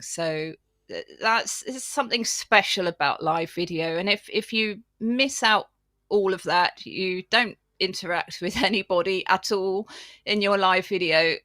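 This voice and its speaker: A woman's voice: on the low side, fairly bright tone, no room sound, clean studio sound. A woman from England, a guest speaking earnestly and enthusiastically in a casual live-stream chat.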